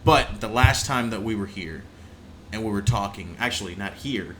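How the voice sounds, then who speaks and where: Young man with a bright, lowish voice. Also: expressive, moderate pace, slight background noise. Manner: eager, agreeable, stumbles and repeats words. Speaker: podcast co-host and photographer. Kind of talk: casual podcast chat.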